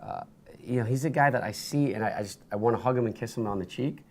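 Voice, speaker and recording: A man talking as a guest in a studio interview, telling animated stories with lots of restarts and bursts of energy. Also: mid-range voice, quick pace. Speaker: interview guest, sports broadcaster.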